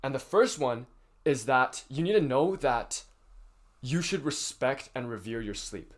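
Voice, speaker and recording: A teenage boy talks to his viewers in a loose, rambling advice vlog. He leans on fillers and restarts and swears casually as he goes. His voice sits at an ordinary middle pitch for a young man. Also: lively intonation, measured pace. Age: teens. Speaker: youtuber.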